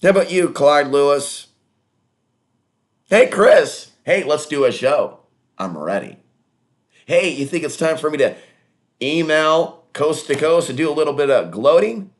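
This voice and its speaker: A man's voice: fairly high pitch, lively intonation, unhurried, pauses often. A man hosting his own online talk show in a rambling, crude, digressive monologue with mocking asides.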